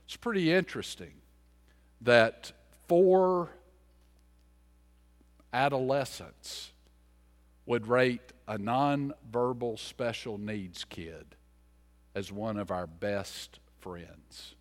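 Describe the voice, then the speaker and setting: A man in his fifties from the mountains, a pastor telling a folksy sermon story, swinging from loud to hushed. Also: mid-range voice, lively intonation, very slow, pauses often, long reverb tail. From US mountains, later Charlotte.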